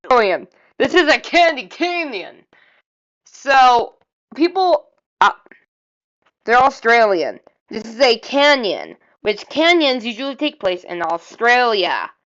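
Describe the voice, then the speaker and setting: A woman's voice: a little high, big pitch swings, slow, a bit bright, lo-fi sound. A woman vlogger giving casual, rambling reaction commentary and often repeating herself.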